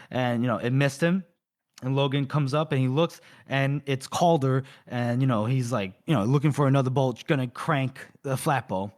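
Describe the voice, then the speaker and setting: A man's voice: medium pitch, a little mellow. A man co-hosting a podcast, casually retelling a book's plot with many fillers and briefly acting out the characters' lines. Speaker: podcast co-host. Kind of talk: casual book recap.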